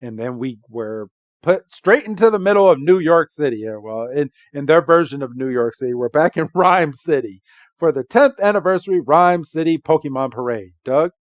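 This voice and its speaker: A man's voice: a little high, normal speed, no room sound, dull audio. A man co-hosting a podcast, recapping a movie in casual chat and acting out the characters' lines. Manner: animated, acts out characters' lines with a raised voice. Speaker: podcast co-host.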